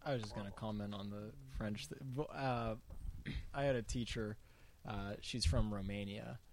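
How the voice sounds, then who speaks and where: A man's voice: lowish voice, normal speed, slight background noise. Rambling storyteller man from Ohio. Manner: rambling storyteller, laughs through his stories. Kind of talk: casual chat.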